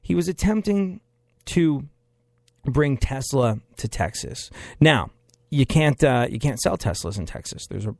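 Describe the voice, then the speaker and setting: A man's voice: mid-range voice, expressive, unhurried, a little mellow, no room sound. Brief: male commentator, wry and sarcastic, dead-dry sound. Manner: sarcastic, emphatic, repeats phrases for effect.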